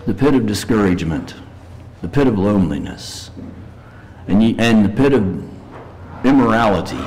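A man preaching a morning sermon, reading scripture slowly and earnestly and pleading with his listeners. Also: lowish voice, expressive, a little mellow, poor audio. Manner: reads verses slowly and earnestly, pleads with rising intensity.

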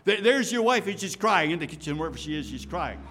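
A man's voice: sits high, animated, quick pace, soft background music. Man preaching in a reverberant hall. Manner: swings from loud emphatic preaching to soft hushed asides. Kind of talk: sermon.

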